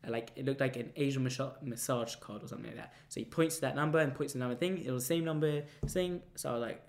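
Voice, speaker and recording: A young man telling a casual anecdote, rambling and halting with many restarts and fillers. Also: medium pitch. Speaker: storyteller.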